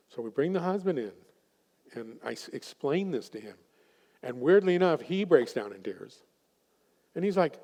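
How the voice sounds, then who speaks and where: A man presenting at a workshop who tells a counseling story and acts out his clients' lines as he goes. His voice sits mid-pitched and mellow, on the dark side. A long reverb trails his words around a chapel hall. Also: lively intonation, moderate pace, long pauses.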